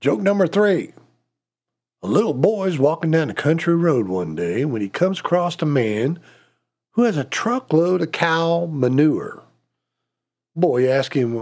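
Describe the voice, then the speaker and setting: A man telling folksy jokes in a drawn-out, deliberate storytelling manner. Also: on the high side, lively intonation, a little mellow, breathy edge. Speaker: joke teller.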